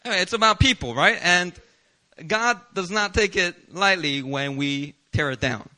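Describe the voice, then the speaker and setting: Male pastor with a bright, rather high voice, animated and self-mocking, preaching with quick laughs. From Philadelphia, US. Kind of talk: sermon.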